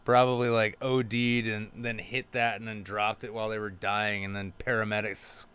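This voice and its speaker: A man's voice: fairly low pitch, little pitch movement, moderate pace, fairly bright tone, clear, resonant tone. A man hosting a podcast, telling rambling, profane anecdotes full of quoted dialogue. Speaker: podcast host. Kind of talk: casual storytelling chat.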